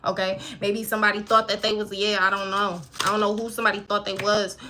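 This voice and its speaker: Bright-voiced woman giving an emphatic reading. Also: medium pitch, level tone, fast talker, a little hiss or hum. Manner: emphatic, profane, conversational. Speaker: intuitive card reader. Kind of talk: live-streamed spiritual reading.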